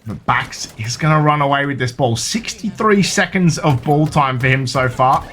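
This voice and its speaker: A man with a southern English accent calling live esports play-by-play in a quick, excitable, jokey way. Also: medium pitch, soft background music. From southern England.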